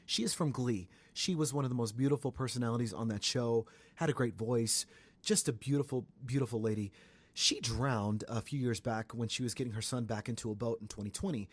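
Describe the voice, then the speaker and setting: A young man from the Atlanta area hosting a casual celebrity gossip podcast, chatty and animated. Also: brisk. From Atlanta area, Georgia. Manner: chatty and animated, breaks into high sung bits. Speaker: podcast host.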